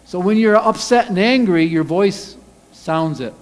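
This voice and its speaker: A man preaching a sermon as pastor, animated, acting out angry quotes in a loud voice. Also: sits high, measured pace. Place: church sanctuary. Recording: reverberant church hall.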